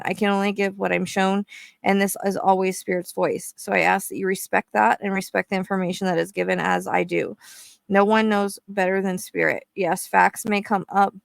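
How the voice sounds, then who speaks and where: A woman hosting her psychic channel, talking fast and explaining at length as she reads from her own notes. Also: mid-range voice, vocal fry, no room sound. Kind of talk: reading aloud her own notes to camera.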